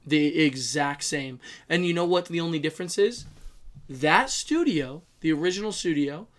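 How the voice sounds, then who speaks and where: A man co-hosting a casual podcast chat, talking emphatically and quick to agree. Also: a little high, animated, fairly bright tone. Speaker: podcast co-host.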